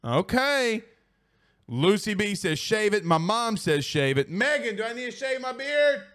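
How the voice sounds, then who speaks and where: A man with a high-pitched voice hosts a casual sports talk show on a studio mic. He reads out listener comments in an excitable, rambling way, laughing often and restarting his sentences. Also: unhurried.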